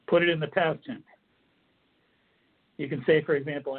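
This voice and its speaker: A man's voice: on the high side, steady tone, moderate pace, long pauses, breathy edge. A man giving an earnest instructional talk on coping techniques, often restarting his phrases as he explains. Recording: tinny phone-like audio.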